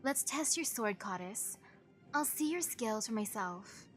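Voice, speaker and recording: A woman streamer reading video game dialogue aloud in an expressive, dramatic way. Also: a little high, unhurried, faint music behind.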